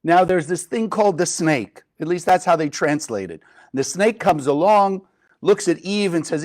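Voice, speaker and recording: A man's voice: a little high, expressive, moderate pace, a little mellow. A man teaching a group in a live class, retelling a story and asking many rhetorical questions. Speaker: Kabbalah teacher.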